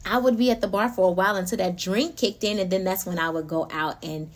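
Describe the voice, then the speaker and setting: Woman talking to her listeners about faith, animated, laughs a lot, mid pitch. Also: fast talker, slight background noise. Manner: animated, laughs often, talks straight to listeners. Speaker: podcast host. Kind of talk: casual spiritual talk.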